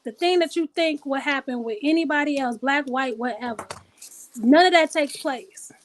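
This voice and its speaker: A woman hosting a casual talk show, blunt and profane, animated and thinking out loud. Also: high-pitched, a little hiss or hum. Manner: animated, blunt and profane, pausing to reason aloud. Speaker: host.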